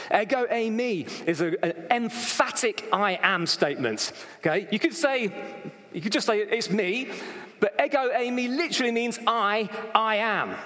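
A man preaching a sermon to a live congregation, conversational and lively, with humorous asides and acted-out quotes. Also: a little high. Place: hall with congregation. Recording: long reverb in a hall.

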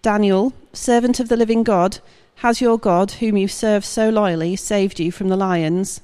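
A woman's voice: medium pitch, moderate pace, mellow, close to an everyday voice. A woman reading scripture aloud, voicing an ancient male king in a plain, lightly voiced way. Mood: anxious. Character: ancient male king, troubled then proclaiming.

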